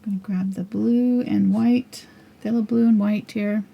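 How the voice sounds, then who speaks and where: A woman's voice: mid-range voice, steady tone, moderate pace, gravelly, dull audio. A middle-aged woman teaching a live painting tutorial, chatting and thinking aloud as she works. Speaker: painting instructor.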